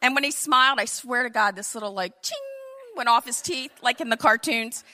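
A woman in her fifties telling a comic personal story with animated, vivid asides. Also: a little high, brisk.

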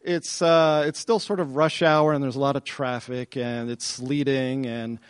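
A middle-aged man telling a personal story to an audience, animated and excited, often repeating himself as he goes. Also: mid-range voice, measured pace, smooth, no echo. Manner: animated, excited retelling with self-interruptions and repeats.

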